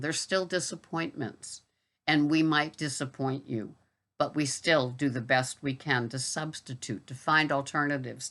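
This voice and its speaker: A woman with a notably low voice talks straight to her viewers in a loose, rambling monologue. She drifts into asides and fillers. Her tone is wry and exasperated. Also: fairly bright tone. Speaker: gig-work shopper and channel host. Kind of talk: casual monologue to camera.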